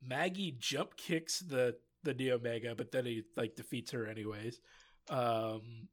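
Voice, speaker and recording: A man's voice: mid-range voice, measured pace. A man recapping a show episode in casual chat, rambling with lots of fillers and laughs. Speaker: podcast co-host recapping a show.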